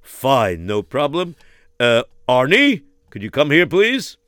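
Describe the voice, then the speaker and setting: Animated storytelling man, bright dry voice. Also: medium pitch, slow, dry recording. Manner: animated, hesitant with many fillers. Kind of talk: storytelling with acted dialogue.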